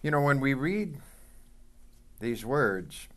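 Slow, lively-pitched male preacher. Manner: call-and-response preaching, slow deliberate scripture reading. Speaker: pastor. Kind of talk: sermon.

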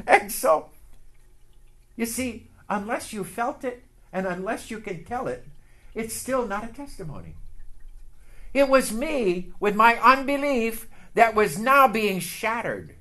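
A man preaching a sermon and telling a personal story, emotional and building to loud outbursts. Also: sits high, expressive, a little slow. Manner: emotional, building to shouts, leads call-and-response. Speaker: pastor. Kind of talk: sermon with testimony.

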